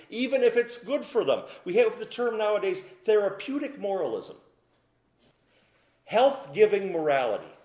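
A man delivers a sermon with a lively, rising and falling voice that sits slightly high for a man. He builds to loud, emphatic peaks, then drops to low, quiet asides. His voice carries a roomy echo, as in a church sanctuary. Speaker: pastor. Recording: echoey room.

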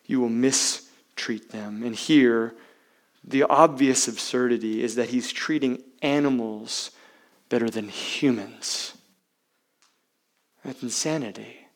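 A man preaching a sermon as pastor, emphatic, with rhetorical questions and dramatic swings between loud and hushed delivery. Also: medium pitch, slow pace, long pauses. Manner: uses rhetorical questions to the congregation.

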